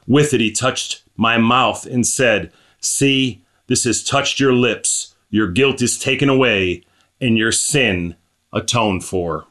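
A middle-aged man preaching a sermon, impassioned, reading scripture slowly and climbing to emphatic high peaks. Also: fairly bright tone.

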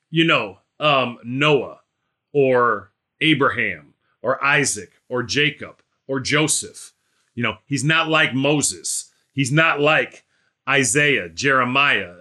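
A man teaches scripture to a small group in a bright, forceful voice. He is emphatic, repeating phrases and firing rhetorical questions. Now and then he calls on listeners by name. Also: medium pitch. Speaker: Bible teacher. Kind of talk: informal Bible study teaching.

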